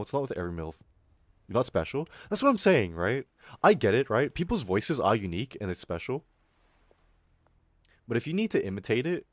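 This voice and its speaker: A man's voice: low voice, no echo. A young Australian man chatting casually on a livestream, rambling, swearing and laughing often, his throat a little irritated. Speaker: VTuber streamer.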